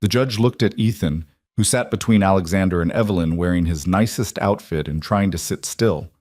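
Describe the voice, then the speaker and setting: A man narrating a romance story in an even, measured way. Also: low voice, no room sound.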